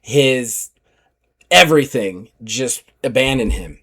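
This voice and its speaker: A man narrating as game master of a tabletop role-playing game, animated and laughing, bursting into shouted character lines. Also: medium pitch, slow pace.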